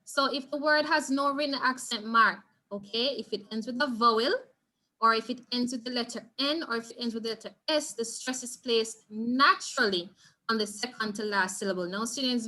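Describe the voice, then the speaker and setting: A woman's voice: fairly high pitch, bright, forceful tone. A woman with a Jamaican accent leading an online Spanish revision class, patiently repeating key points and checking in with her students. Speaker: Spanish teacher.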